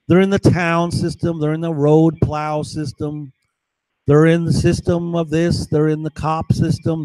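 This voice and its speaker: A man's voice: fairly high pitch, darkish tone, no echo, poor audio. Agitated, profane man rambling to camera. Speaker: vlogger.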